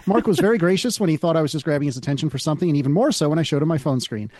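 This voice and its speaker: Fast-talking man co-hosting a podcast. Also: on the high side, lively intonation, a little mellow, no echo, studio quality. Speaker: podcast co-host. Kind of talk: casual chat, reading listener mail.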